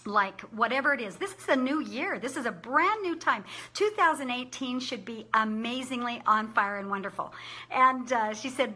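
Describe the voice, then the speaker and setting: A middle-aged woman talks to the camera in a casual, chatty way and laughs often. Her voice is a little high and very bright, with an upbeat, encouraging tone. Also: lively intonation, normal speed, slightly rough. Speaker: business owner sharing conference takeaways.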